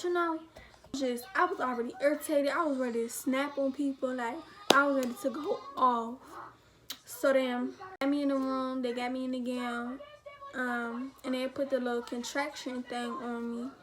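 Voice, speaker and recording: High-voiced young woman telling a rambling story. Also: fairly even intonation, normal speed, background noise. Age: teens. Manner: rambling, slangy, frequent "like" and quoted dialogue. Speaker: vlogger. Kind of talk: storytime, casual retelling.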